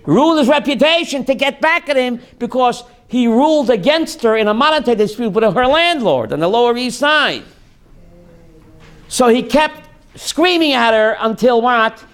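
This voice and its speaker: A man's voice: extremely high pitch, animated, measured pace, pauses often, slight background noise. A rabbi lecturing a class, telling dramatic stories and asking his listeners questions. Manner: storytelling, asks the audience questions and answers them; dramatic, voices screaming characters in quotes.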